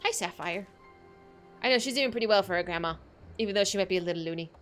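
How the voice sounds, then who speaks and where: A woman's voice: mid-range voice, fast talker, a bit bright. Woman streamer, chatty, joking, faint music behind. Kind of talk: casual gameplay commentary.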